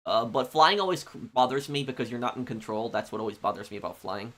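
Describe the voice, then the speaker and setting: A man live-streaming a game, chatting casually with viewers in a rambling, halting way full of ums and restarts. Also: medium pitch, fairly bright tone. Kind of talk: casual chat answering viewers.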